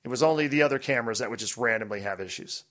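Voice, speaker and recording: A man hosting a podcast in a relaxed, rambling, casual chat. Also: medium pitch, rapid-fire. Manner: relaxed, rambling, drifts off mic at times. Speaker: podcast host.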